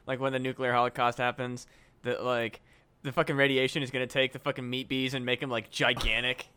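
A young man co-hosting a comedy podcast, excitable and profane, laughing as he talks. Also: medium pitch, fairly quick, clear, resonant tone. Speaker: podcast co-host. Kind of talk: casual comedic chat.

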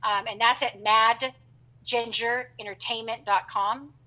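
A woman telling a funny travel story as a podcast guest, chatty and animated with lots of fillers. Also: fairly high pitch, a little slow, low-quality recording. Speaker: podcast guest and co-host of her own show. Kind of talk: casual storytelling.

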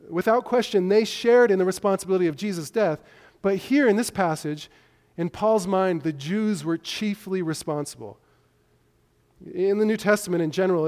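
A man preaching a measured expository sermon, walking through a passage point by point with small restarts. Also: high-pitched, darkish tone. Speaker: pastor. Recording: long echo of a hall.

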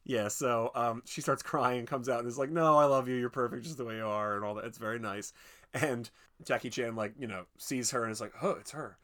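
A young man casually retelling a film's plot, rambling with many fillers and restarts, slipping into quick voices for the characters. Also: mid-range voice, fairly bright tone. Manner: rambling, lots of "like" and restarts, acts out quotes. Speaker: podcast co-host recapping a film. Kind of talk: casual chat.

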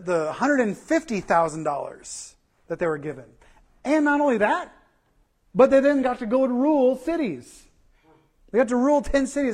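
A male pastor with a high voice preaches a sermon animatedly, using repeated lists and rhetorical questions.

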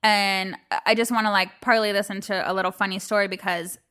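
A woman's voice: mid-range voice, level tone, a little fast, pushed and bright, clean tone. A woman co-hosting a podcast, telling a family story in casual chat, acting out quotes and laughing often. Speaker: podcast co-host.

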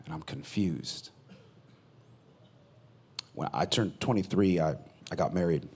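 A man who is a pastor, preaching a sermon in a conversational way, swinging between loud bursts and quiet asides. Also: sits low, slow pace, breathy edge.

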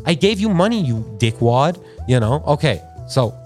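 Podcast guy ranting, all worked up and swearing, voice jumping all over, bit high. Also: normal speed, soft background music. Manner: animated, irritated, profane ranting. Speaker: podcast host. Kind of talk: casual podcast rant. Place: podcast studio.

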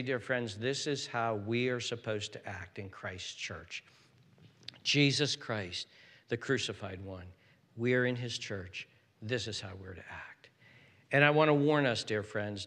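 An older man preaching a sermon as pastor, swinging between hushed, whispered lines and loud, emphatic exhortation. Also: mid-range voice, long reverb tail.

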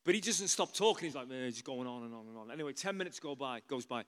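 Chatty preacher in an echoing hall. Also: male voice, mid-range voice, fast talker. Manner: chatty, animated, many asides. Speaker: pastor. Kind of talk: storytelling sermon.

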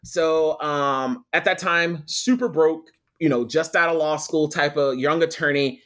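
Give me an animated young man, recounting a story in an interview. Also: fairly high pitch, measured pace. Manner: animated storyteller acting out quoted voices. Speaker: guest, photographer and attorney.

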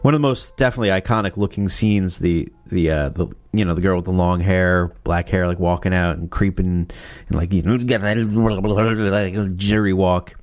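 A man's voice: deep voice, fairly even intonation, moderate pace, darkish tone. A man casually chatting about horror movie themes, rambling, correcting himself and swearing offhand. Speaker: host. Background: faint music playing.

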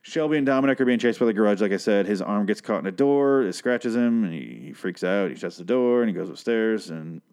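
Low-voiced man ranting, profane and sarcastic. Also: lively intonation, a little fast, few pauses, a little mellow, clear, resonant tone. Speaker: TV episode recap podcaster. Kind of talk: casual rambling recap.

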